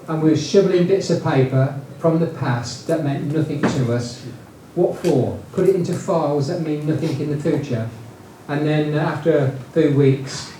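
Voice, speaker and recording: A man's voice: fairly high pitch, warm tone. A man, telling business stories casually, rambling with many fillers and restarts. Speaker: retired business founder. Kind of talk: casual anecdotal storytelling. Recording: very echoey room, distant mic, faint noise.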